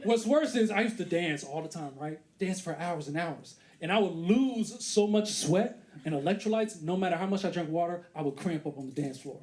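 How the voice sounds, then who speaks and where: A man in his thirties performing a stand-up comedy set on a theater stage, acting out scenes with put-on voices and loud exclamations. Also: sits high, expressive, moderate pace, few pauses. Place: comedy theater stage before a live audience. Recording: live crowd laughter behind.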